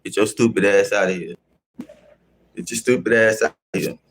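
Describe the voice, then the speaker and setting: A man's voice: on the low side, fairly even intonation, normal speed. A man hosting a live stream, speaking, confrontationally scolding his chat and repeating his phrases. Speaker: livestream host. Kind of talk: casual live-stream rant.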